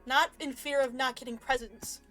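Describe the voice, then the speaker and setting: A woman's voice: high-pitched, fairly even intonation, moderate pace, pushed and bright, faint music behind. A woman streamer chatting casually and rambling, joking and laughing often. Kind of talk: casual chat.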